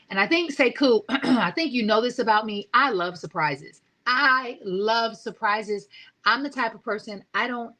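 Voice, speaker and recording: A woman in her forties hosting a motivational talk show, speaking with excited energy and asking her listeners rhetorical questions. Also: fairly high pitch, rough recording. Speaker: host.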